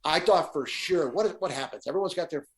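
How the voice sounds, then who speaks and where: A man's voice: fairly high pitch, a little fast. A middle-aged man, a guest musician, telling stage anecdotes in a casual chat and acting out the quotes. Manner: animated anecdote teller, acts out quotes.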